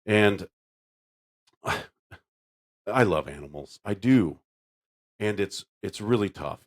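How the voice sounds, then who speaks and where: A man co-hosting a podcast in casual chat, telling stories in an animated way and jumping into a high silly voice now and then. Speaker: podcast co-host.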